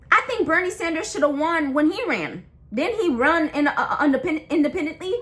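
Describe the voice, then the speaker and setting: Her voice is high with a fairly bright tone as this young adult vlogger rants casually. She is blunt and impassioned, using slang and stumbling through repeats and restarts.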